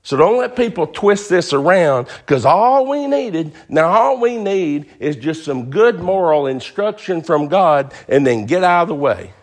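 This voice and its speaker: A male pastor delivers a folksy, emphatic sermon. His voice sits slightly high and swoops animatedly, and he repeats key phrases to drive them home. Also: sing-song, unhurried, hardly any pauses.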